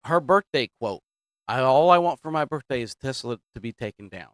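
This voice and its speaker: A man's voice: medium pitch, animated, fairly quick, no room sound, studio quality. A man hosting political commentary, talking casually and emphatically, repeating his points and drifting off topic. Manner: repetitive, emphatic, digressing.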